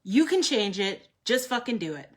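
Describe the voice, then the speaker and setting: A woman's voice: medium pitch, big pitch swings, moderate pace. Blunt, foul-mouthed woman reading tarot live. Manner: blunt, profane, emphatic; chatty, addresses viewers by name. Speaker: tarot card reader.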